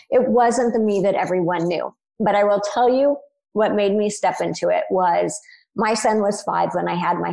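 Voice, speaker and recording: A middle-aged woman, a guest on a podcast, telling her own story in an earnest, animated way and laughing easily. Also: medium pitch, low-quality recording. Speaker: guest, spiritual medium.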